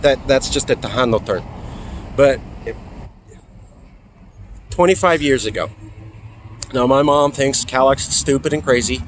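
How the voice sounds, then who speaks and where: A man in his forties from California tells a story outdoors, in a halting, emphatic way that sinks to a near whisper at moments. His voice sits at an ordinary middle pitch. Loud traffic and street noise run steadily behind him. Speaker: political activist. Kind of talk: personal storytelling.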